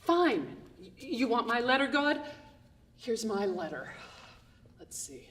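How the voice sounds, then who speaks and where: A woman's voice: a little high, very animated, takes it slowly, a bit bright, distant mic. A woman performing a theatrical monologue, addressing God in a raw, angry, confessional way on a live stage.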